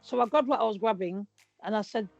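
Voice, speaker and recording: A woman, co-hosting a casual chat and telling stories with lively acted-out quotes. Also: mid-range voice, fast, gravelly, no room sound. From Britain. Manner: animated storytelling, acts out quotes. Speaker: podcast co-host. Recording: dull lo-fi sound with faint music.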